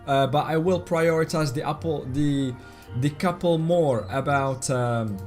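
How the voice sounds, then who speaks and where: A man's voice: fairly high pitch, measured pace, a little mellow, soft background music. A man live-streaming a game, chatting casually, reading out and answering viewers' messages and laughing often.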